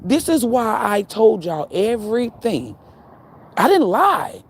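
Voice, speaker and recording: A woman's voice: medium pitch, darkish tone, a little hiss or hum. A woman giving a profane, preachy spiritual rant straight to her viewers, full of rhetorical questions. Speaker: spiritual channel host.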